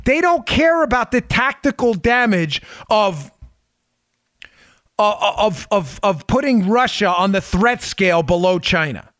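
A man's voice: high-pitched, lively intonation, unhurried, fairly bright tone, no echo, studio quality. A man hosting a podcast, giving emphatic, sarcastic political commentary and repeating phrases for effect. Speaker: podcast host.

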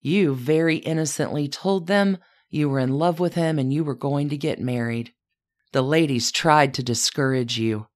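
A woman narrating a scripted story in a measured way, speaking directly to her subject as "you". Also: very deep voice, steady tone. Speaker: podcast narrator.

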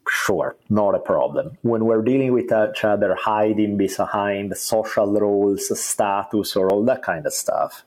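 A man's voice: on the low side, unhurried, few pauses, darkish tone. A man hosting a podcast, telling stories in a rambling, casual way with the occasional swear word and laugh. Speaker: podcast host. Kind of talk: casual conversational interview.

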